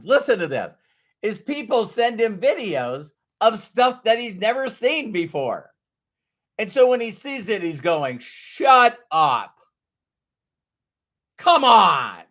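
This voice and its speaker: Middle-aged guy doing a motivational livestream, slightly high voice, gets loud acting out what people say. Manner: animated, acts out quotes with sudden loud bursts. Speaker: motivational speaker. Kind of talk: live-streamed motivational talk.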